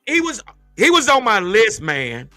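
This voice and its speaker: A man's voice: high-pitched, huge pitch swings, measured pace, sharp tone, no echo, faint music behind. A man hosting a casual sports podcast as a former player, ranting in a heated, emphatic, fired-up way.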